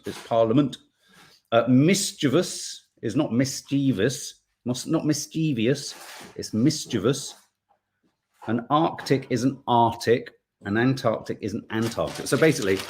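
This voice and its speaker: A man's voice: mid-range voice, a little hiss or hum. A man hosting a live show, chatting casually and playfully while reading out viewer comments.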